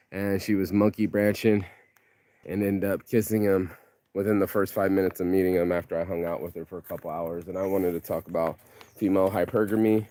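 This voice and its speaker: Man, low voice, casual vlog rant, animated storyteller, outdoors, phone mic. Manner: rambling, slangy, animated storytelling. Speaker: vlogger. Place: outdoors among trees.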